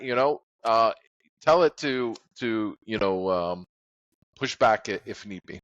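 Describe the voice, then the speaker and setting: A man's voice: lowish voice, normal speed, fairly bright tone, no echo. A man in casual podcast chat who rambles with many fillers and laughs at his own stories. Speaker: podcast co-host. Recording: dull lo-fi audio.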